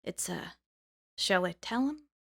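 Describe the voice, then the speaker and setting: A woman's voice: mid-range voice, animated, slow pace, vocal fry, full character voice. A woman reading the lines of a friendly male penguin in a cheerful, soothing way in a storybook reading.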